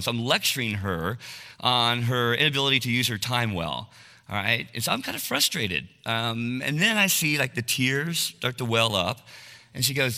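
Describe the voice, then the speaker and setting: A man in his forties speaks with earnest, confessional candor, often asking his listeners "all right?". His voice is very bright and forceful. A long hall reverb trails behind each phrase. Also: medium pitch, big pitch swings, moderate pace. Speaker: speaker at a men's talk. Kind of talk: sermon-style talk.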